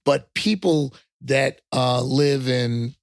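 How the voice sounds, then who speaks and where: An older man from Long Island with a New York accent, chatting on a podcast in a rambling, halting way. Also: medium pitch, vocal fry, no room sound, studio quality. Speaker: podcast guest, host's father. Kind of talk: casual podcast chat.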